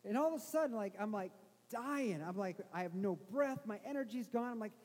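A middle-aged man preaches with a strikingly high voice, tumbling through a self-mocking story full of restarts. His words ring out with a long reverb from a large hall. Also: lively intonation, brisk, darkish tone. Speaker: pastor. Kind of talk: sermon storytelling.

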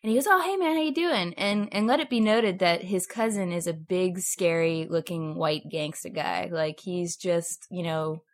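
A woman with a fairly low voice tells a secondhand story in a chatty, unpolished way. She leans on fillers and restarts and acts out the other people's lines as she goes. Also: steady tone, moderate pace, hardly any pauses. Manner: chatty, full of fillers, acts out quotes with raised pitch. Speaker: podcast guest storyteller. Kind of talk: casual storytelling.

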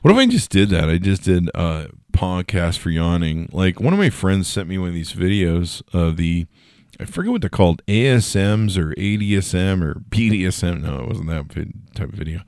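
A man's voice: deep voice, big pitch swings, normal speed, a little mellow, no echo, clean studio sound. A man hosting a casual solo news podcast, tired and yawning, rambling with jokes and swearing. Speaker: podcast host.

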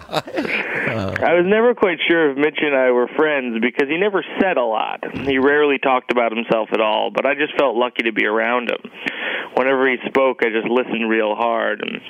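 A man telling a comedic personal story with a wry, earnest, deadpan delivery. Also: mid-range voice, moderate pace, dull audio. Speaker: storyteller reading a personal tribute.

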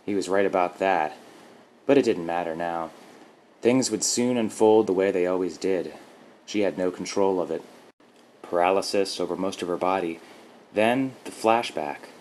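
A man narrating a short story in a steady, measured reading style, with faint background noise. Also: deep voice, rough recording. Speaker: podcast host and story reader.

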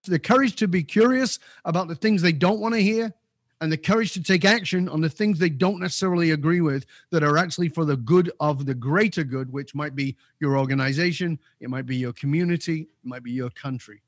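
Emphatic male guest, slightly high voice. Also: brisk, dry recording, studio quality. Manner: emphatic, repeats key points for force. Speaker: interview guest. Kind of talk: opinionated commentary.

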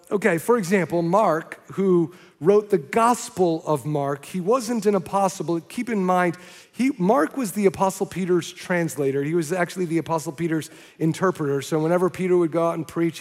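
A man preaching a sermon to his church as pastor, telling stories in an animated way with quick restarts. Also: on the high side. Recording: long hall reverb.

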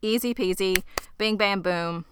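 This woman, a medium-pitched co-host on a casual podcast, walks through a TV episode and performs the characters' lines in rapid voices with lots of animation. The background is noisy.

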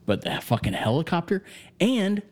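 A podcast co-host rambles loosely about a film, swearing a lot and leaning on filler words in casual chat. His voice is high and darkish in tone, swinging widely in pitch at a moderate pace.

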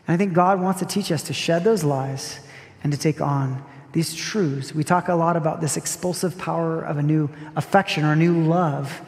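A man preaching a sermon as a pastor, earnest and reflective, repeating key phrases with gentle emphasis. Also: a little high, steady tone, normal speed. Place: church sanctuary. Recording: long hall reverb with soft music behind.

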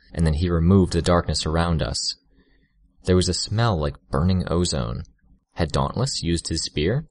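A man narrating an audiobook in a steady first-person storytelling manner, on a close studio mic. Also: low-pitched, no echo.

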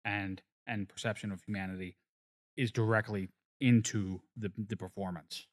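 Low-voiced man explaining thoughtfully. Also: steady tone, moderate pace. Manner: thoughtful, explanatory, hesitant fillers. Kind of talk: casual chat.

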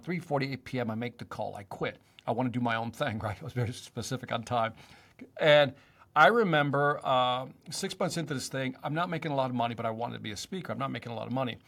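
A man's voice: medium pitch, fairly bright tone. A man who is a sales expert and speaker, a podcast guest telling his story in an emphatic, motivational way and repeating his key lines. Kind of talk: conversational interview.

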